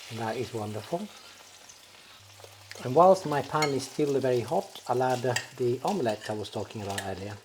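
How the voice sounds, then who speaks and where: A man hosting a casual cooking demonstration at home, chatting warmly and pausing often with "uh" fillers. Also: mid-range voice, noisy background. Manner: warm, chatty, hesitant with frequent "uh" fillers. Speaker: cooking show host. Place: home kitchen. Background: food sizzling in a frying pan.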